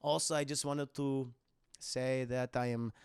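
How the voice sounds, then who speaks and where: A man voicing a gentle, polite young foreign man who speaks slowly, carefully and earnestly. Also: mid-range voice, level tone, clear, resonant tone, no echo, clean studio sound, pitched below the performer's own voice, lightly acted.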